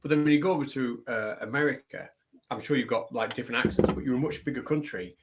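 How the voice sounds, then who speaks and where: A man's voice: medium pitch, fast talker. A man with an English accent, chatting casually as a guest on a video call, rambling through long restarted sentences. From England. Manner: rambling, full of fillers and restarts.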